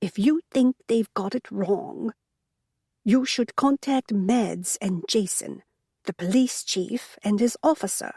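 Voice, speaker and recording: A woman voicing a gentle, teacherly woman with an Australian accent gone Southern. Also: mid-range voice, takes it slowly, husky, no echo, clean studio sound.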